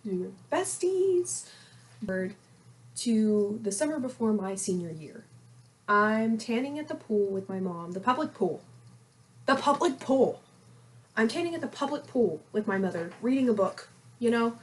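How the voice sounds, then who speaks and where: A young woman in her twenties co-hosting a podcast, telling a gossipy story in a lively, animated way. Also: mid-range voice, normal speed. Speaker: podcast co-host. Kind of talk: casual storytelling chat.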